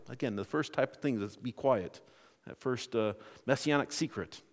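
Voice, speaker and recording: A man preaching a sermon in a conversational, animated way, often restarting his phrases. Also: medium pitch, normal speed, big-room sound. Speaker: pastor.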